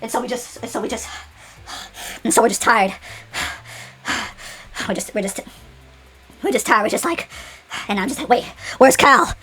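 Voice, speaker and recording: A woman telling a long unscripted story, rambling in rapid bursts full of restarts and repeated "and then". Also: on the high side, a bit bright, slightly rough.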